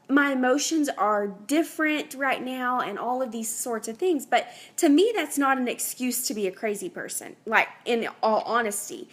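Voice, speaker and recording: Earnest young woman with a twang. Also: a little high. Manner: earnest, rambling, faith-driven, with many fillers and restarts. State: pregnant. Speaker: health coach. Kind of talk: casual unscripted talk to viewers.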